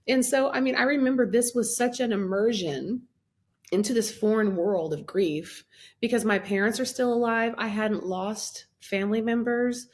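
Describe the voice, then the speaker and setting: A woman in her fifties telling her story as a podcast guest, animated, acting out her own past words with a lifted voice and laughing often as she talks. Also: fairly high pitch, moderate pace. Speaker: guest, minister and life coach. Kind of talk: personal storytelling in a podcast interview.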